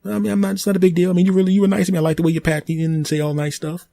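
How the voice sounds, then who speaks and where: A man's voice: high-pitched, flat delivery, rapid-fire, gravelly, dark tone, no room sound, pitched above the performer's own voice. A man voicing a sly, scheming talking tree in a comedy sketch, smug and menacing. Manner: smug, wheedling, raised voice.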